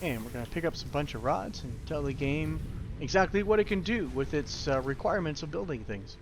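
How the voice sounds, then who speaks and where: A man's voice: fairly high pitch, expressive, a little fast, music in the background. A young man giving casual, rambling tutorial commentary while playing a factory-building game, with self-deprecating asides. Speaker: gaming YouTuber.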